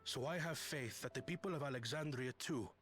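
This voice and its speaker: An actor playing a calm, reflective young leader who speaks in a measured, thoughtful way. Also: male voice, medium pitch, faint music behind, close to an everyday voice.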